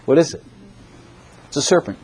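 At a moderate pace, a man preaches a lively, animated sermon, often laughing and acting out the voices of the people in his story.

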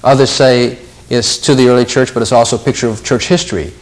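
A man's voice: medium pitch, fairly even intonation, fast. A man leading an informal Bible study, talking things through casually, repeating words and lifting his voice when he quotes scripture.

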